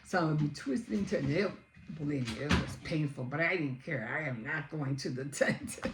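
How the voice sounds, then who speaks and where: A middle-aged woman chats through a meandering story, doubling back with fillers as she goes. Her voice sits on the low side for a woman. The recording carries a noticeable room echo. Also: a little fast, noisy background. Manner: rambling, animated retelling with many fillers. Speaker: vlogger. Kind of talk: casual storytelling chat. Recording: roomy, echoey recording.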